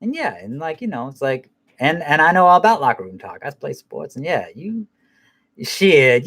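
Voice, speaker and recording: A man's voice: fairly high pitch, a bit bright. A man hosting a casual film review chat, rambling and swearing freely, with many restarts and "man" thrown in. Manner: laughs at his own jokes.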